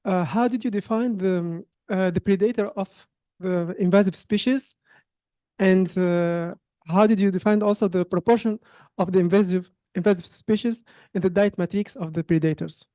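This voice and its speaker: A woman in a conference audience asking the presenter a polite, halting question. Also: medium pitch, mellow, dry recording, clean studio sound.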